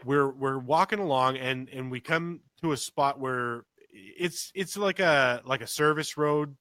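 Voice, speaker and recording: A man's voice: mid-range voice, unhurried, a bit bright, dry recording. A man co-hosting a podcast, telling a story casually and acting out quotes with big jumps in his voice. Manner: swears casually, many restarts. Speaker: podcast co-host.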